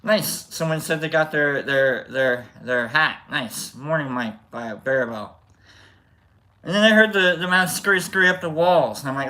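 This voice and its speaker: Male stream host, bright and slightly high voice, loose rambling anecdotes. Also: moderate pace. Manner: animated, rambling with restarts. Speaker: livestream host. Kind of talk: casual storytelling to chat.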